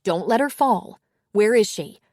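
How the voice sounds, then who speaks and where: A woman voicing a female emergency dispatcher who asks questions in a steady, methodical way. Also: medium pitch, a little slow, no room sound, studio quality, voice pushed up, close to an everyday voice.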